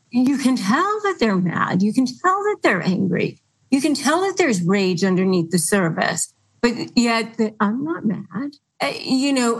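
A woman's voice: medium pitch, low-quality recording. A woman hosting an advice podcast, explaining earnestly and acting out quoted lines. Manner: earnest, quotes others in mocking put-on lines. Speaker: podcast host.

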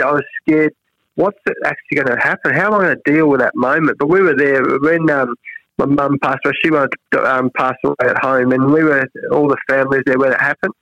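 A man's voice: fairly high pitch, no echo. Earnest Australian man, dull dry sound. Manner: earnest, reflective, frequent restarts. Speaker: cricket head coach, guest. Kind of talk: interview conversation.

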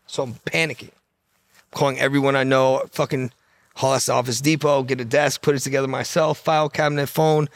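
A man telling a story in a casual, profane, fast-talking way, often quoting what others said. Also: medium pitch, level tone, no room sound. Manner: profane, fast-talking anecdote with quoted dialogue.

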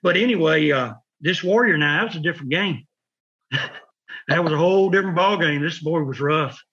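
A man with a slightly high, fairly bright and slightly rough voice hosts a wrestling podcast, briskly telling rambling stories in casual chat. He acts out voices and sound effects, and the sound is lo-fi.

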